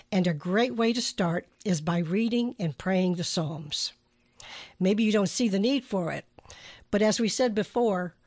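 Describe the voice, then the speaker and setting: Woman host, devotional teaching; earnest, measured emphasis, mid voice, dry booth. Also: mid-range voice, a little mellow, no echo. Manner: earnest, slowing to stress key phrases. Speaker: podcast host.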